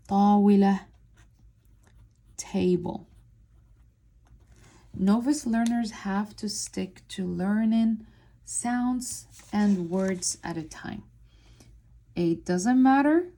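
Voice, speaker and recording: A woman teaching a beginner reading lesson, sounding out words syllable by syllable and repeating each one slowly. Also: mid-range voice, dark tone. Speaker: Arabic teacher. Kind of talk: slow step-by-step reading lesson.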